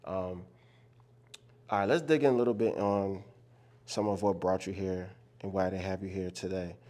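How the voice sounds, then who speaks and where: Philly host guy, low mellow voice, chill slangy, keeps saying right right. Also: steady tone, normal speed. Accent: Philadelphia. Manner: affirming, casual slang. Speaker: interview host. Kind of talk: casual interview.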